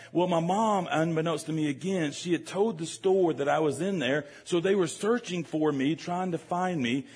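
Guy preaching, kinda husky, chatty and joking with the church. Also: on the high side. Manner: animated, joking, addresses the congregation directly. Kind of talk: storytelling sermon.

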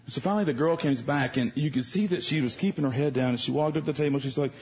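A man preaching a sermon in a church service, telling a personal story in a conversational, animated way. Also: on the high side, rapid-fire, few pauses, husky.

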